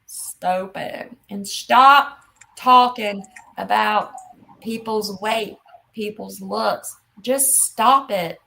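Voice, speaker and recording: A woman's voice: medium pitch, extremely slow, gravelly, pushed and bright, rough recording. A woman in her fifties hosting a casual livestream chat, talking bluntly and scolding emphatically. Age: 50s. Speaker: livestream host.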